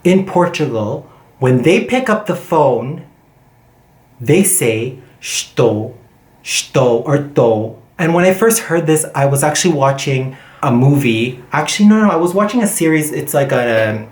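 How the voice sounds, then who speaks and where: A language teacher giving a casual vocabulary lesson, chatty and animated, with many fillers and self-corrections, mixing in Portuguese words and phrases. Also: medium pitch, moderate pace, roomy sound.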